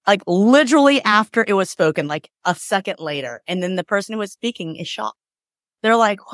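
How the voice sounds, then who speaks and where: A woman's voice: fairly low pitch, lively intonation, normal speed, no echo, clean studio sound. A woman divorce mediator in a conversational interview, explaining with acted-out examples and lots of "like" and "right?".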